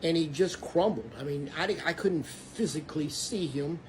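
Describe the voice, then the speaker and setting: A man's voice: fairly high pitch, moderate pace, a little mellow, a little hiss or hum. A man from Texas, earnestly telling a personal faith story that turns preachy. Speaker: Christian storyteller. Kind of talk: casual testimony.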